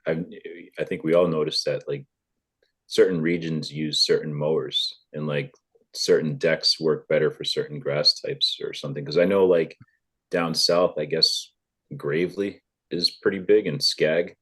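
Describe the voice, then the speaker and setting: A man's voice: a bass voice, steady tone, a little slow, a bit bright, slightly rough. A man in casual chat, speaking hesitantly and thoughtfully.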